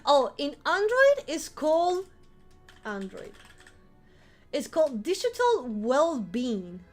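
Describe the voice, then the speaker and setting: High-voiced woman, vtuber streamer, casual chat, animated, swears, shouts at times, faint music behind. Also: slow.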